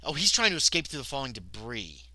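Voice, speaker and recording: A man talks through a solo tabletop game on a livestream, switching between reading the scenario aloud and chatting about books with his chat. His voice is bright and animated, recorded dry on a close mic. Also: medium pitch, fast, no room sound, poor audio. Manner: chatty, reads text aloud, thinks out loud. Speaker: solo game player and streamer.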